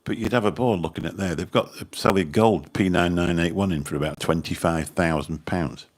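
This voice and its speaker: A man's voice: low-pitched, brisk. A man with a Birmingham accent, rambling casually as he chats with viewers on a livestream, swearing mildly. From Birmingham, England. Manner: rambling, chatty, mild swearing. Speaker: channel host chatting with viewers.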